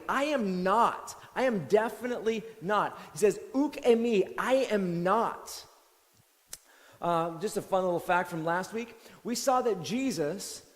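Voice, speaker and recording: Preaching a sermon, a male pastor speaks in a loose, animated, conversational style and keeps restarting his sentences. For a man, his voice is fairly high. A long church-hall reverb hangs on the sound.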